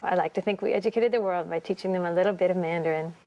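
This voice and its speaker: A woman's voice: fairly low pitch, very fast, warm tone, muffled recording. A woman in a documentary interview, speaking in a chatty, amused way.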